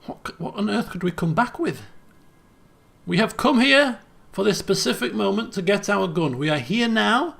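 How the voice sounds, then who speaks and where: A man's voice: high voice, normal speed, vocal fry. A man commentating and joking while playing a story game. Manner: jokey, animated, exasperated. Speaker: let's player.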